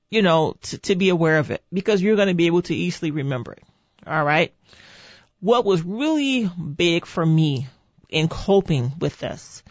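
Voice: mid-range voice, dry recording. An earnest, encouraging speaker giving a motivational talk on coping with chronic pain in a lo-fi recording. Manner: earnest, encouraging, repeats "okay" and "see". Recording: dull lo-fi dry sound.

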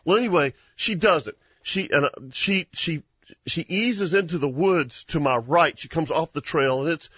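A husky, slightly high-pitched man spins a lively hunting tale for his show. He laughs often and restarts his sentences. The sound is dry and a bit dull, like a lo-fi studio recording. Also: normal speed, no echo. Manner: animated storyteller, laughs often, many restarts. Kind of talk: casual storytelling chat.

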